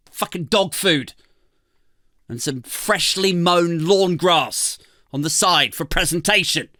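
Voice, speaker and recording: With a sharp tone and lively intonation, this British comedy podcast co-host unhurriedly vents in sarcasm, cursing and cracking up along the way, his pitch swooping. The sound is dry and studio quality.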